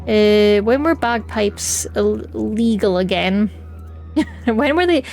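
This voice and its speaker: A woman with a Scottish Highlands accent touched by the Western Isles, chatting casually with her chat while gaming and laughing easily. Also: takes it slowly, a little mellow. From Scotland. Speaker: streamer.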